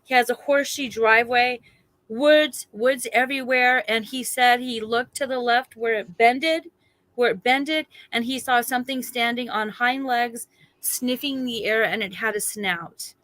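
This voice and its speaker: A woman, a guest telling a personal story in a chatty, animated way and acting out other people's lines. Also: on the high side, normal speed, no echo. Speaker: guest recounting a sighting.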